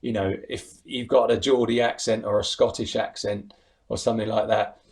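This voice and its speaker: A man with a southern English accent, chatting as an impressionist guest in an animated way. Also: lowish voice, normal speed. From United Kingdom. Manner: animated, laughs easily, slips into voices. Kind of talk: casual interview chat.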